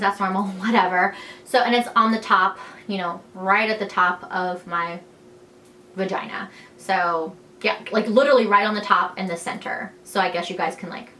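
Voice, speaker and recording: A woman's voice: medium pitch, sharp tone, slight background noise. A young woman telling her birth story in a candid vlog, talking frankly and freely with lots of "like" and "you know", acting out what others said. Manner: chatty and frank, heavy use of "like" and "you know", quoting others in turn.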